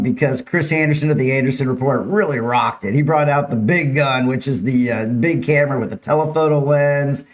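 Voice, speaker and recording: A man hosting a live local news stream in an easygoing, upbeat way. He talks at an ordinary middle pitch. He greets viewers by name and chats between stories. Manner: chatty, upbeat, reads viewer names and slides aloud. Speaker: host of a local news show.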